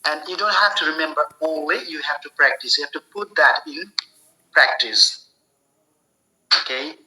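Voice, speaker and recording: A man giving a spoken English lesson, explaining slowly and deliberately, often repeating and restarting his phrases. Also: a little high, bright, forceful tone, low-quality recording. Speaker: English teacher.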